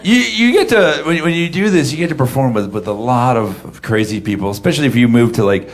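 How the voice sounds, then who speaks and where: A man's voice: medium pitch, lively intonation, a little fast. A man performing stand-up, telling a rambling, self-deprecating story full of restarts and asides. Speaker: stand-up comedian.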